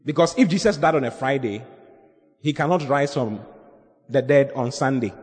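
A man's voice: mid-range voice, moderate pace, darkish tone. Man preaching with call-and-response. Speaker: pastor. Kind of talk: sermon. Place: church hall. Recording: long hall reverb with faint music.

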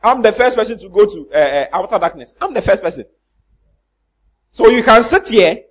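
A man preaching a sermon, asking the congregation questions and mimicking church members for laughs. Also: high-pitched. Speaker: pastor.

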